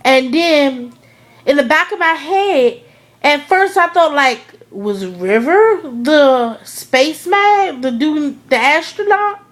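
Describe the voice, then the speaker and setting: A young woman with a fairly high voice talks slowly and casually to her viewers. She gushes as she goes, her sentences full of "like" and "oh my goodness". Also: lively intonation. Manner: gushing, lots of "like" and "oh my goodness". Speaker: vlogger reviewing a TV episode. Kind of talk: casual excited chat.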